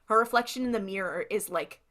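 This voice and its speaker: Casting note: a young woman podcast co-host with a bright, tense tone, chatty recap with quick character asides. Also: mid-range voice. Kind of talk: casual episode recap.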